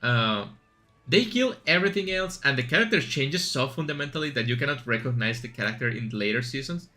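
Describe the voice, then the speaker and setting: A male streamer with a bright, forceful voice rambles casually through his thoughts while playing, full of fillers and asides. Faint game music runs quietly behind him. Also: medium pitch. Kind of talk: casual chat while gaming.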